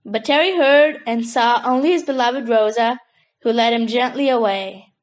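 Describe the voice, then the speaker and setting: A woman narrating a children's book in a steady storytelling voice. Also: on the high side, normal speed, rough recording. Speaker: audiobook narrator.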